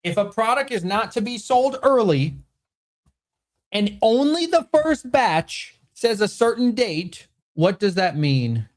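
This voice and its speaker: A man with an animated, bantering manner, hosting a casual livestream Q&A from home and answering chat comments. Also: sits high, slow pace. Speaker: host.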